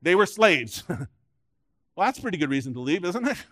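A man preaching a sermon as pastor, rising loud and high on key points and dropping quiet for emphasis. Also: lively intonation, a little fast, no echo, clean studio sound.

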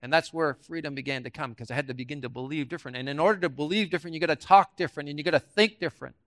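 A male preacher with a notably high voice delivers an animated, interactive sermon. He fires questions at the congregation and jokes with them, dropping to quiet asides before rising to loud, emphatic bursts. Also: very fast. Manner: interactive, quizzes the audience and jokes. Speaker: guest preacher.

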